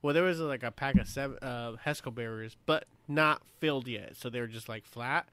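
Bright-voiced man swapping rowdy war stories. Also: medium pitch, brisk, clear, resonant tone, no room sound. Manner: profane, laughing, acts out quotes loudly. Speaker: veteran telling war stories. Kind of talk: casual storytelling chat.

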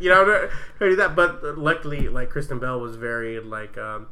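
A man's voice: medium pitch, lively intonation, fast talker, few pauses, sharp tone. A man who works event security, chatting casually and telling stories, laughing often and acting out what people said. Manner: laughing storyteller, acts out quotes with swearing. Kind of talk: casual chat.

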